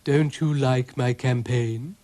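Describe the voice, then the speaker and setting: A man voicing a vain, affected female cow in a cartoon, high and breathy. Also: fairly even intonation, slow pace, mellow, natural voice. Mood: airy.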